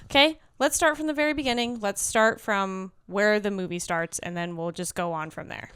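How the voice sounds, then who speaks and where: A woman co-hosting a casual podcast, animated and blunt, swearing freely and tripping over restarts as she talks fast. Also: mid-range voice, clear, resonant tone. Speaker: podcast co-host. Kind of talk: casual chat.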